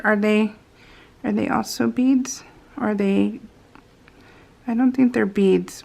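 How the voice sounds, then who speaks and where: Woman craft vlogger, casual and gushing, slips into whispers; gravelly texture. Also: medium pitch, a little slow, pauses often. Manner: gushing and excitable, often dropping to a soft whisper. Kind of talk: casual unboxing chat.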